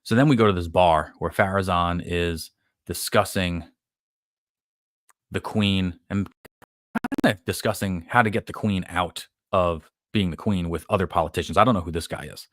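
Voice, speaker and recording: This is a man with a deep, low voice hosting a live podcast. He recaps a show in a loose, rambling way, full of fillers and casual profanity. The sound is dry and close, with no room around it. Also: normal speed, fairly bright tone, no echo. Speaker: podcast host.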